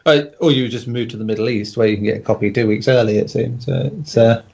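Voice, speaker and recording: A man's voice: medium pitch, fast, gravelly, a little mellow. A man hosting a podcast in a laid-back, casual way, handing turns to guests. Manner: laid-back, chuckles between remarks. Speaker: podcast host. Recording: dull lo-fi audio.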